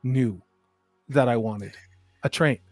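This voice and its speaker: A man in his fifties chatting casually as a stream host, an animated storyteller who swings between loud and soft. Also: mid-range voice, slow pace, no room sound, soft background music. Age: 50s. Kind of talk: casual chat.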